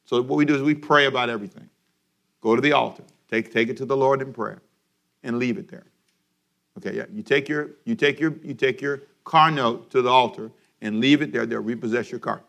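A man preaching a sermon for a daily radio program, animated, and having his congregation repeat lines after him. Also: medium pitch, a little fast, creaky. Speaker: pastor.

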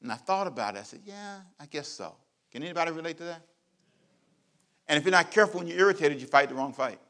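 A middle-aged man, a pastor, preaching a sermon with emphatic repeated phrases and big swings in loudness. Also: on the high side, lively intonation, rapid-fire.

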